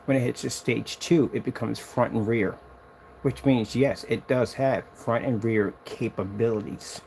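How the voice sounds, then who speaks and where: A man casually demonstrating a projection screen on a vlog, excited and rambling, boasting about his product. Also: a little slow, vocal fry, slight background noise. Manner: sings snatches of a tune in a high voice.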